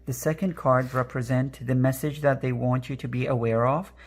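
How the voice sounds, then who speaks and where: A man with a raspy, strained voice giving an earnest pick-a-card reading, repeating phrases with many fillers. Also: mid-range voice, fairly even intonation, normal speed. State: emotional, voice strained. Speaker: energy worker and tarot card reader.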